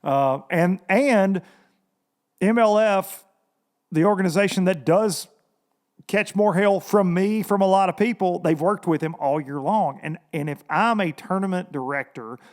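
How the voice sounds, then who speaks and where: A young man hosts a loose, casual podcast in a noticeably high voice. He rambles from one thought to the next, swears freely, and laughs often. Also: normal speed. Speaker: podcast host.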